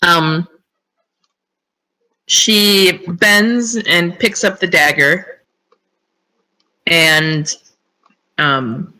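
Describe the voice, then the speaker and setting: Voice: medium pitch, drawn-out words, pauses often, bright, forceful tone, rough recording. A player in a tabletop game, chatting casually and narrating what her character does. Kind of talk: casual tabletop role-play.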